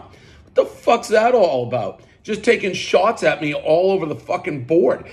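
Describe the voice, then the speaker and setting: A man's voice: sits high, big pitch swings, measured pace. A man hosting a pizza review outdoors, ranting combatively, swearing constantly and boasting about himself.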